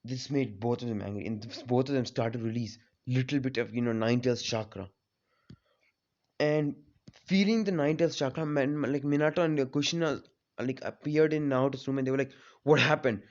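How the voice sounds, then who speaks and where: A man's voice: medium pitch, moderate pace, a little mellow. A man casually retelling a fan story, rambling with many fillers. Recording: slightly dull lo-fi audio.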